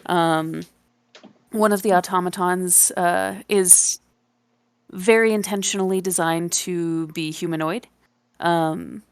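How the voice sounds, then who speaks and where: A woman narrating as game master of a tabletop game, slow and descriptive with many fillers. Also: lowish voice, steady tone, clear, resonant tone, no room sound.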